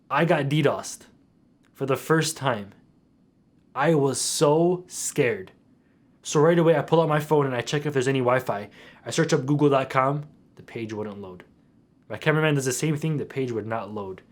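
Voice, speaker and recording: A young man retelling a story for his vlog in an animated, slangy way. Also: mid-range voice. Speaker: YouTuber.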